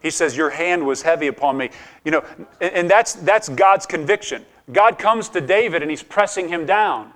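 Middle-aged male pastor, higher-pitched voice, casual conversational sermon delivery. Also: normal speed, fairly bright tone. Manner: conversational preaching, asks the congregation questions, frequent restarts and laughs.

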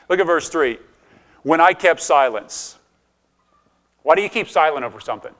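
Middle-aged male pastor, higher-pitched voice, casual conversational sermon delivery. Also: expressive, normal speed, long pauses, a bit bright. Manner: conversational preaching, asks the congregation questions, frequent restarts and laughs.

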